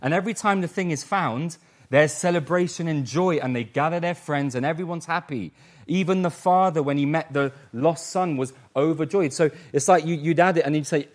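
A man's voice: fairly high pitch, moderate pace. A man preaching a sermon, reading scripture aloud and dramatically acting out the lines he quotes. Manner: dramatic, acts out the quotes he reads.

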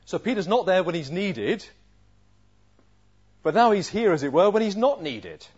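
A preacher with a fairly high male voice works through a passage, firing off rhetorical questions. He climbs to loud emphasis and then drops to a near hush. The recording sounds dull and lo-fi. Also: very animated, normal speed, husky. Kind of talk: expository sermon.

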